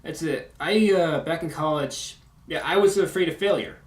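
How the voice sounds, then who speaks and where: A young man giving a casual video update, halting with many fillers and sharp S sounds. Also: on the high side. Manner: strong S sounds. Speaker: YouTube video maker. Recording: echoey room.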